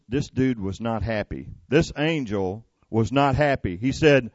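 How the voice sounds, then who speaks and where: A man's voice: mid-range voice, expressive, slow pace, a little mellow, no room sound, dull audio. A man preaching a sermon in a folksy, conversational way, retelling scripture and making plain asides.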